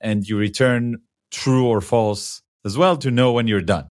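A man's voice: medium pitch, a little slow. A man co-hosting a casual tech podcast, talking in a conversational, opinionated way and laughing easily. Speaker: podcast co-host.

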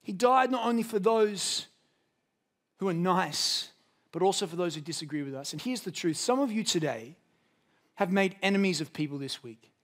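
A man's voice: sits high, animated, moderate pace. Emphatic preacher man. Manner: storytelling, rises to emphatic peaks. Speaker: pastor. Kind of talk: sermon.

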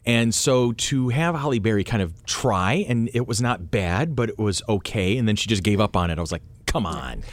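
A man co-hosting a casual group chat, animated, often circling back and restarting his thoughts mid-sentence. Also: lowish voice, a little fast, few pauses.

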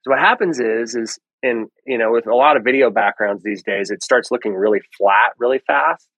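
A man guest on a podcast, explaining in a relaxed way with frequent ums and restarts. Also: medium pitch, normal speed, no echo, low-quality recording. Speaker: lighting guest. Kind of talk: casual podcast interview.

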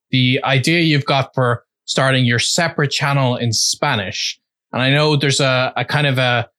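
Male podcast host, mid pitch, thoughtful and slightly hesitant, dry close mic. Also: a bit bright, no echo. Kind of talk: casual interview.

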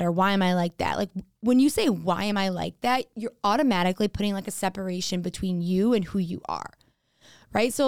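A woman's voice: mid-range voice, darkish tone, no room sound. A young adult woman hosting her own podcast, talking candidly and casually as she thinks aloud into a studio mic. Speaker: podcast host. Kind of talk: solo podcast monologue. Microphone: studio mic with headphones.

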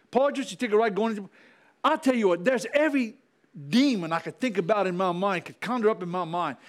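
A man preaching a fiery sermon as pastor, repeating himself and calling out to the congregation. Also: sits high.

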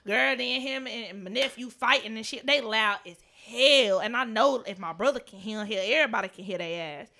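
Woman podcast cohost, brightish higher voice, cussing and laughing through her stories. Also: normal speed, creaky, hardly any pauses. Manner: animated, profane storytelling with frequent laughter. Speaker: podcast co-host. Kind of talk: casual podcast storytelling.

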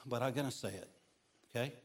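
A middle-aged man preaching as a guest pastor in a church, telling funny personal stories with big swings in pitch and loudness. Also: brisk.

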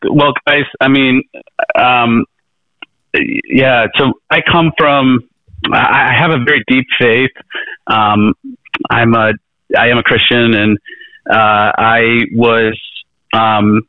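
A man's voice: medium pitch, fairly even intonation, slow pace, long pauses, dry recording. A middle-aged man, a guest in an interview, telling his story in an earnest, rambling way full of restarts and fillers. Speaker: interview guest, presidential candidate. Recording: tinny phone-like line, dry.

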